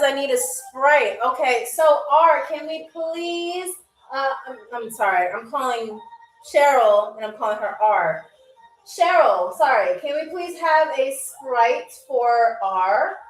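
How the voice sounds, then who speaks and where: A woman hosting a live stream as a playful flight attendant, chatty and animated, calling viewers y'all. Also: a little high, far from the mic. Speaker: host playing a flight attendant on a live game show. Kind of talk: playful live-stream role-play as stewardess. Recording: echoey room, off-mic, faint music.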